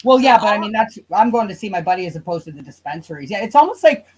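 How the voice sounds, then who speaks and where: A woman's voice: medium pitch, very animated, fast talker, a little mellow, low-quality recording. A woman with a Canadian accent hosting a casual live chat over a video call, talking loosely and laughing often. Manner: chatty, laughs often, trails off and restarts. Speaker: host of a live chat show.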